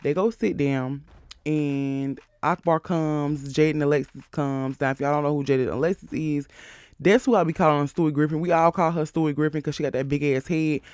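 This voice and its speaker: A man hosting a casual recap of a reality show, sassy, animated and profane as he talks. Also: fairly high pitch, normal speed, clear, resonant tone, dry recording.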